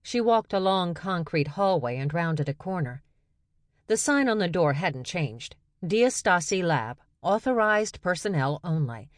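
A woman narrating a science fiction story in a steady, measured way. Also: low voice, no room sound, studio quality. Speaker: audiobook narrator. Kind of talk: scripted narration.

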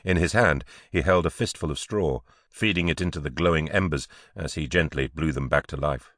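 A man narrating an unabridged audiobook in a measured, clear storytelling manner. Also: very deep voice, fairly bright tone, dry recording, studio quality. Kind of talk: scripted narration.

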